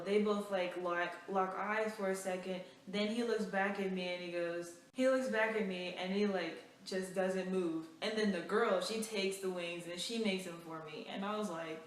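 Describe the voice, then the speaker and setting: A young woman vlogger telling a storytime in an animated, chatty way, full of fillers. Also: mid-range voice, measured pace. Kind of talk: casual storytime. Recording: echoey room, mic far off.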